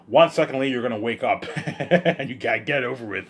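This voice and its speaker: A man talking alone in a rambling monologue, repeating himself and swinging between loud outbursts and low mumbles. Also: fairly quick, slightly rough. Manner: repetitive, keeps saying "you know what I'm saying". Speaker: host of his own listening series.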